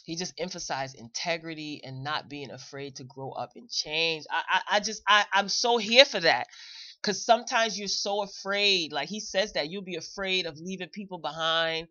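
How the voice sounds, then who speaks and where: A woman's voice: lowish voice, moderate pace, pushed and bright, dry recording, muffled recording. A woman hosting a live commentary show, talking straight to her viewers and repeating phrases for emphasis. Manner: chatty, addresses viewers directly. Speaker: host.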